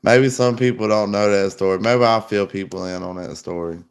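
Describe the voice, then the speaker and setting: A man's voice: fairly low pitch, fairly even intonation, moderate pace, vocal fry. A young man casually telling a rambling story, full of fillers. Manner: rambling, loose, lots of fillers. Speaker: podcast host.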